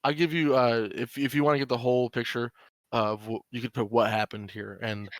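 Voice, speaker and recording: A man narrating as game master of a tabletop horror game, talking in halting stretches with many fillers. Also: medium pitch, steady tone, dry recording. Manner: halting, full of fillers and restarts.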